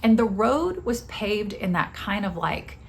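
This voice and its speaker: A woman's voice: mid-range voice, very animated, unhurried, vocal fry. A middle-aged woman hosting a podcast, telling a personal story in a candid, confessional way. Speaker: podcast host.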